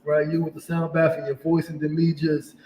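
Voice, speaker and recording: A man's voice: a little high, little pitch movement, fairly quick, darkish tone, reverberant, distant mic, rough recording. A man in his forties hosting a podcast, telling personal stories in an emotional, candid way. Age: 40s. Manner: emotional, open, candid storytelling. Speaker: podcast host. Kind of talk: casual interview conversation.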